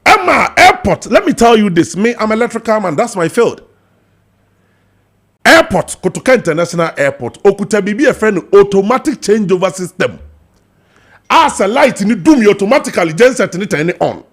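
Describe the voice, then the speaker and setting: A man with a Ghanaian accent hosting a heated political talk show, emphatic and animated, switching between English and Twi. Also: sits high, fairly quick. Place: TV studio.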